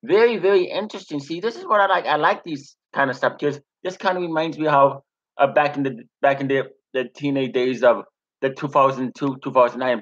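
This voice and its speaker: A man's voice: mid-range voice, fairly bright tone, highs cut off. A young man casually recapping a wrestling show, rambling with many fillers and restarts. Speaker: wrestling reviewer.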